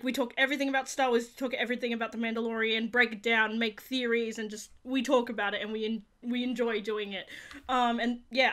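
A young woman hosting a casual review, rambling with lots of fillers and breaking into excited squeals. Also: fairly high pitch. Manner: gushing, rambling, full of fillers; bursts into squeals and laughs. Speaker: YouTube reaction host.

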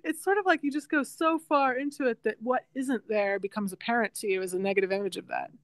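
A woman's voice: a little high, fast, no echo. A woman speaking as a guest in a casual philosophical conversation, musing and filling her talk with little giggles. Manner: musing, lots of fillers and giggles. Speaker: guest physicist.

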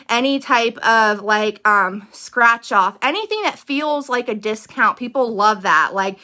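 Upbeat young woman seller, bright and fairly high voice, rambling chatty delivery full of fillers. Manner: upbeat and eager. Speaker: direct seller giving business tips. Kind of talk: casual talk to camera.

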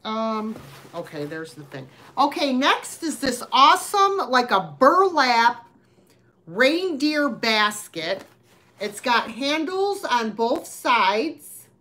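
A woman's voice: a little high, very animated, slow, pushed and bright. A woman hosting a live sale, talking in a chatty, rambling way with lots of fillers. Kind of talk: live-stream sales chat.

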